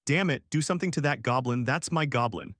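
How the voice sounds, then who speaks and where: A man's voice: mid-range voice, a little fast, no room sound, natural voice. Brash young adventurer, read by a man, curt and cold, dry close sound. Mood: panicked angry. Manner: shouting, cursing, blunt.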